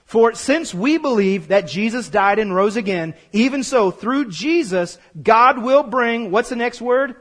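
A high-pitched man preaching a sermon. He stresses key words and repeats himself, dropping low for explanation and rising loud for declarations. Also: expressive, measured pace, hardly any pauses. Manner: emphatic, repeats words, swings from quiet to loud. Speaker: pastor.

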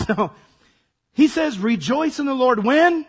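A man preaching a sermon as pastor, his voice hoarse and raspy, acting out dramatic asides. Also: very high voice, expressive, slow pace.

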